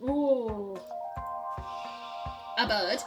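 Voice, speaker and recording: A woman's voice: on the high side, very slow, music in the background. A woman hosting a puzzle game let's play, reading clues aloud and musing as she works them out, laughing easily.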